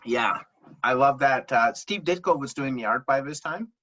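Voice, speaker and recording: A man's voice: mid-range voice, moderate pace, sharp tone. A man co-hosting a casual comic book chat, enthusiastic and filler-heavy. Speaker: podcast co-host. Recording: dull lo-fi sound.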